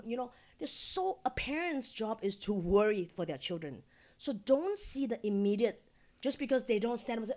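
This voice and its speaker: Candid, animated woman from Singapore. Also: fairly high pitch, brisk. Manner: candid, swears freely, animated storyteller. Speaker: podcast guest. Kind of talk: casual interview storytelling.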